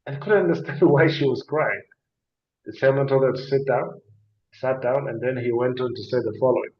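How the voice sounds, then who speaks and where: A man's voice: mid-range voice, fairly quick, highs cut off. Earnest man explaining on a roomy studio line. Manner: earnest, explanatory, emphatic with rhetorical questions. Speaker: guest speaker on addiction and mental health. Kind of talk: radio talk-show explanation with storytelling.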